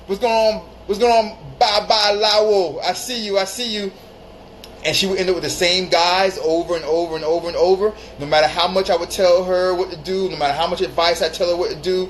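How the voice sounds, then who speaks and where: A man's voice: high-pitched, steady tone, fairly quick, low-quality recording. A man talks straight to his viewers in a slightly raised voice, hammering home his advice by repeating short phrases. He breaks off now and then to greet people joining the stream. A faint hiss sits under his casual, unscripted talk. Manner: emphatic, repeats phrases for stress. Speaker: live-stream host.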